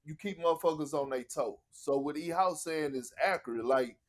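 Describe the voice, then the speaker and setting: A man guesting on a podcast, telling locker-room stories in a casual, animated and profane way, often acting out what others said. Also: on the high side, moderate pace. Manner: animated, profane, acts out quotes. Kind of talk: casual storytelling.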